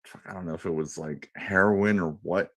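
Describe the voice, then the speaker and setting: A low-pitched man talking a little fast, recorded without room sound, rambles through a swear-filled, crude story on a radio panel. He's in his thirties and an animated, profane storyteller trading casual banter.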